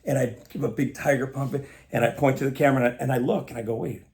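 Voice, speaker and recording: A man as a podcast guest, telling stories in a casual, animated way and acting out the dialogue. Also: mid-range voice, very fast. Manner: animated storyteller, acts out quoted dialogue. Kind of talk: casual storytelling chat.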